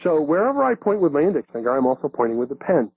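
A man's voice: on the high side, very animated, very fast, slightly rough, dry recording. A man explaining self-defense grips in a casual, conversational teaching manner, with frequent fillers and restarts. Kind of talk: casual instructional talk. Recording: dry, narrow phone-like sound.

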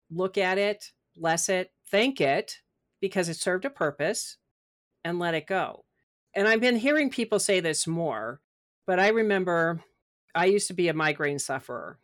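A middle-aged woman, a podcast guest and author, talking casually and animatedly about spirit and personal growth, acting out her inner voice. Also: fairly low pitch. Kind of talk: casual spiritual interview talk.

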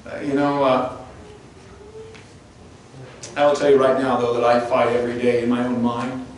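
A man's voice: mid-range voice, flat delivery, moderate pace. Man, pastor, sermon, earnest, stumbling restarts, very echoey room, faint background hiss. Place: church sanctuary. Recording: echoey church room, distant mic, faint noise.

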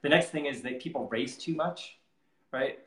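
A man's voice: mid-range voice, moderate pace, fairly bright tone. Chatty male coach in a roomy room. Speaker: triathlon performance coach. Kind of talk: casual interview chat. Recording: roomy echo.

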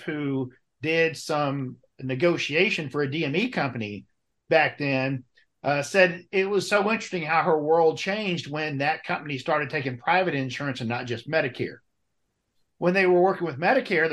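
A man with a notably high voice hosts an interview in a chatty way, swapping stories and putting questions to his guests. He sounds conversational and engaged. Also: moderate pace. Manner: chatty, lively storytelling, asks questions. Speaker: interview host.

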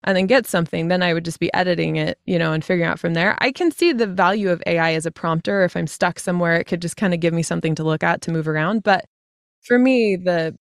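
A woman in her thirties, a fantasy author talking as a podcast guest, chatty and full of quick asides. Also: fairly low pitch, gravelly, dry recording, clean studio sound. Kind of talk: casual podcast conversation.

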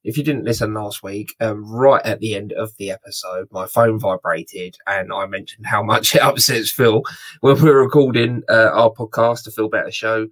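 A man's voice: on the low side, steady tone, moderate pace. A man hosting a casual film news podcast, rambling and apologising often. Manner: rambling and apologetic, chatty asides.

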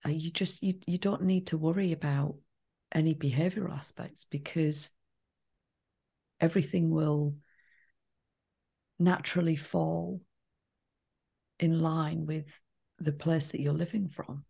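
Female co-host, low gravelly voice, reflective storyteller. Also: measured pace, long pauses. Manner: reflective, animated storyteller, drifts off on tangents. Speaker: podcast co-host. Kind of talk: casual podcast chat.

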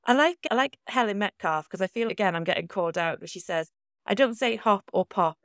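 A woman's voice: medium pitch, a little fast, fairly bright tone, clear, resonant tone, no room sound. A British woman in casual podcast chat, laughing often and poking fun at herself. Her voice sits mid-range and is recorded close and dry, with no room around it. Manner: laughs often, chatty and self-deprecating. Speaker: podcast co-host.

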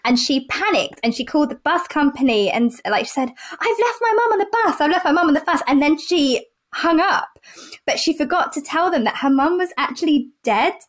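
A woman doctor chatting casually, telling an anecdote with lively energy. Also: high-pitched, brisk. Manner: animated storyteller who laughs often. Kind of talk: casual podcast chat.

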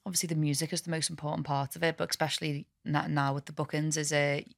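Interviewer, flat delivery, gravelly, winding questions, dry sound. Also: mid-range voice, quick pace, dry recording. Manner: long winding questions with restarts.

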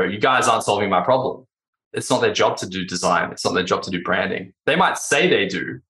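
A man's voice: lowish voice, pushed and bright, echoey room, low-quality recording. A man, a branding agency founder, explaining his ideas energetically in a podcast interview, asking rhetorical questions and acting out what clients say.

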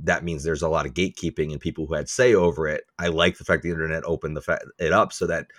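A man's voice: extremely low pitch, fast, no echo, studio quality. A married man co-hosting a podcast, chatting casually and joking, with frequent laughter. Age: adult, married. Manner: laughs often, animated and joking. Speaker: podcast co-host. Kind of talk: casual comedic chat.

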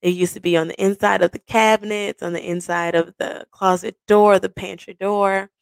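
A woman speaks into a close mic, telling a love story to her partner like a personal podcast. She is animated and playful, and she acts out the voices in her story. The sound is dry and intimate, with no room echo. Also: mid-range voice, normal speed, creaky, clean tone. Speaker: podcast host.

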